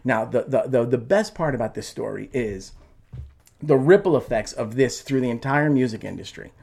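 A man's voice: mid-range voice, normal speed, creaky, a little mellow. A middle-aged man, a former band singer, tells a story in conversation with lots of restarts, jumping into raised voices to act out quotes.

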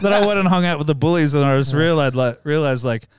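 A man's voice: fairly high pitch, fast, a loud crowd. Crude, laughing young man telling stories. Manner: swears constantly, laughs through his stories. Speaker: stand-up comedian, podcast guest or host. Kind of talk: casual crude storytelling chat.

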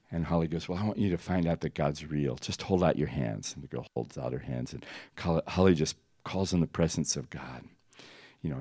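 A middle-aged American man teaching a ministry school class, telling stories with laughter and pitch leaps at the high points. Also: no echo, studio quality. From United States. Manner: animated storytelling, laughing, voices jumping high for the climaxes. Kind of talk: storytelling sermon. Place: teaching room with an audience.

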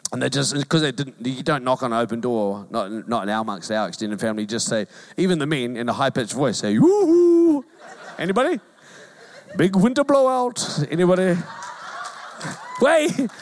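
A man with a New Zealand accent, a pastor preaching a sermon in a lively, joking way and mimicking calls in a high voice. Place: church hall.

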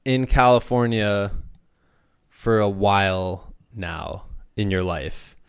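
A man from Iowa hosting a podcast, chatting in a relaxed, rambling way with many fillers. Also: fairly low pitch, slow pace, clear, resonant tone, no echo, clean studio sound. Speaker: podcast host. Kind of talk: casual podcast chat.

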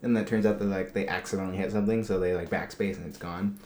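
A man's voice: low voice, steady tone, rapid-fire, a little mellow. A young adult man talking as a guest in a casual chat, rambling with lots of "like" and frequent laughter. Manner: rambling, laughing, many "like" fillers. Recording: roomy echo.

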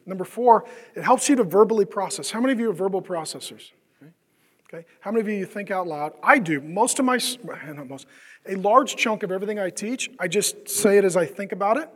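A man's voice: high-pitched, lively intonation, a little fast, fairly bright tone, slightly rough, long reverb tail. A man preaching a conversational sermon as pastor, often asking the congregation questions and acting out the voices of the people he describes. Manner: conversational, asks the crowd questions, acts out quoted voices.

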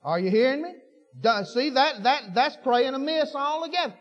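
A man preaching a sermon, folksy and fervent, repeating himself and building to shouts. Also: very high-pitched, lively intonation, normal speed. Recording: dull lo-fi recording with long hall reverb.

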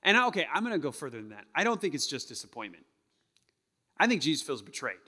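A male pastor preaching a sermon, acting out tones of voice and sometimes dropping to a hush. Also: fairly high pitch, quick pace, big-room sound. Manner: animated, acts out tones of voice, drops to a hush. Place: church sanctuary.

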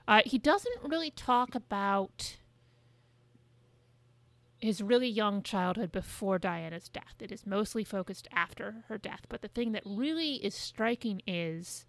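A woman's voice: mid-range voice, vocal fry, no room sound. A woman co-hosting a podcast in casual chat, talking loosely with plenty of swearing and filler words. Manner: chatty, frequent swearing and hedging fillers. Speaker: podcast co-host.

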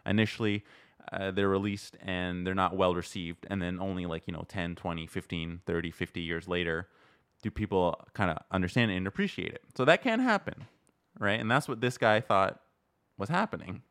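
A man's voice: low-pitched, normal speed, a bit bright, clear, resonant tone. A man telling a story in casual chat, rambling with many fillers and acting out quotes. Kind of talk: casual podcast chat about films.

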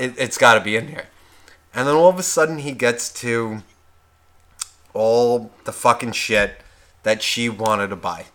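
A man's voice: on the high side, sharp tone. A man co-hosting a podcast, telling a story in a heated, profane rant. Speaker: podcast co-host. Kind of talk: casual comedic storytelling.

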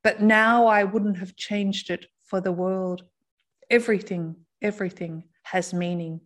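A woman shares a personal story in a soft, reflective manner, often breaking into light laughter. Her voice sits at an ordinary middle pitch. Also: steady tone, measured pace. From Australia. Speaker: intuitive reader.

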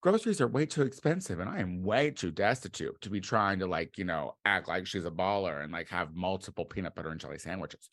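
A man from the United States delivering a casual comedic monologue as a podcast host. He rambles and swears, with sudden loud outbursts. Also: low voice, brisk, few pauses, no room sound, studio quality.

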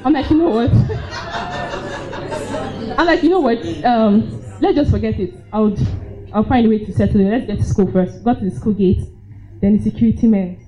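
A woman's voice: mid-range voice, a little fast, dark tone, a little hiss or hum. A young woman with a Nigerian accent telling a personal story at a live event, laughing often and acting out her own reactions. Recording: dull lo-fi live recording.

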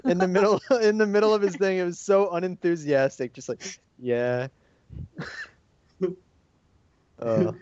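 Male co-host, slightly high voice, quips, dry and dull lo-fi sound. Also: measured pace, pauses often, darkish tone, no room sound. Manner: joking interjections. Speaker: podcast co-host. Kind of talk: casual chat.

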